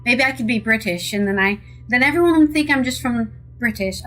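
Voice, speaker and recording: A woman's voice: fairly high pitch, animated, fairly quick, fairly bright tone, faint music behind, low-quality recording. An American woman streaming a game, chatting casually and rambling with sarcastic asides. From United States. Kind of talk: casual live-stream chat while playing.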